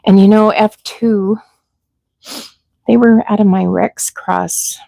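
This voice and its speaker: Slow-talking woman with a gravelly low voice. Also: steady tone, warm tone, dry recording, rough recording. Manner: chatty, talks sweetly to baby rabbits. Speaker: rabbit breeder hosting a livestream. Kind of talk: casual livestream chat.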